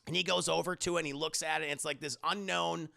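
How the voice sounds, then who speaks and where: Gravelly, bright-voiced male streamer. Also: on the high side, fairly even intonation, quick pace. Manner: rambling and profane, many fillers. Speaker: streamer film reviewer. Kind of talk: casual spoiler review to live chat.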